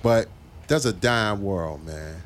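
A man's voice: sits low, lively intonation, slow. A man in a casual podcast chat who hesitates and restarts his sentences when he is pressed.

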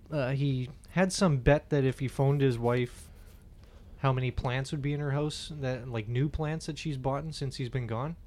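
A man co-hosting a comedy podcast in casual chat, telling stories and loudly acting out the people in them. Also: medium pitch. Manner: animated storyteller, acts out quoted voices loudly. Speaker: podcast co-host.

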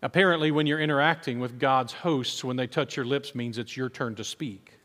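A man preaching a sermon as pastor, telling stories in an animated way and acting out the voices of people he quotes. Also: mid-range voice, a little fast, long reverb tail.

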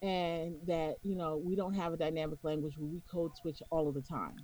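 A woman's voice: deep voice, fairly even intonation, brisk, mellow, poor audio. Emphatic New York woman lecturing. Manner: emphatic, lecturing, checks in with frequent "okay?". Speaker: podcast co-host. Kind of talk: casual opinionated discussion.

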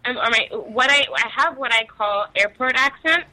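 A woman's voice: fairly high pitch, normal speed, bright, forceful tone, poor audio. A young woman from Nigeria, chatting casually as an interview guest, laughing often and using many fillers.

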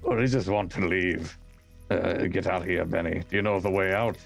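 Brief: man as a curt adventurer, deep and gravelly, faint music behind. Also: fairly even intonation, normal speed. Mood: blunt. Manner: terse, curt answers.

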